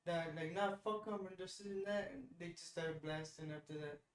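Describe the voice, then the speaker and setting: A man joining a podcast chat, retelling a story in an animated, profane way. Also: a little high, normal speed, smooth. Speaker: guest on a podcast. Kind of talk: casual storytelling.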